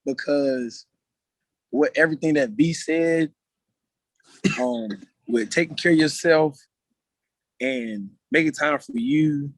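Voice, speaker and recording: A man's voice: a little high, slow pace, long pauses, no room sound. Slangy, earnest man, dry sound. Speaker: meeting guest speaker. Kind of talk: casual video-call talk.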